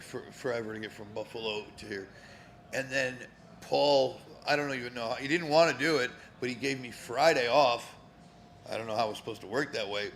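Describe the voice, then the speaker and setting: A man's voice: medium pitch, creaky, fairly bright tone, slight background noise. A man in his fifties from Connecticut, a former pro wrestler guesting on a live show, telling stories in a rambling, profane way with many fillers. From Connecticut, USA. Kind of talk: casual storytelling. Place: cigar lounge, live show.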